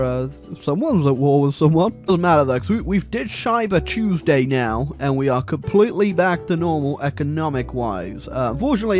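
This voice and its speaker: A young man giving casual, joking commentary over a strategy game he is playing, chatty and excitable with lots of fillers. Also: medium pitch. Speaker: gaming video host.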